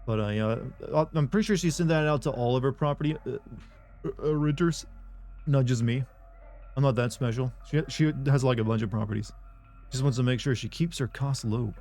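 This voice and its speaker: Man, live streamer, casual rambling chat, swears a lot, mid-pitched voice, quiet music in the background. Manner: rambling and offhand, with frequent swearing and restarts. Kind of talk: casual chat with viewers while streaming a game.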